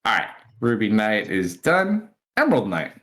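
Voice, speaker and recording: A man's voice: fairly low pitch, normal speed. A man running a live tabletop game as dungeon master. He narrates, voices clanking sound effects, and talks rules with the players. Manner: animated, making sound effects for the monsters.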